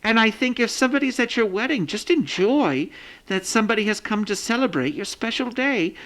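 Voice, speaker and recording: A woman playing a prim guest with a British-sounding accent, deadpan and matter-of-fact even when outrageous. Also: fairly high pitch, fairly quick, low-quality recording. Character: prim guest who insists she has no accent. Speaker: recurring guest.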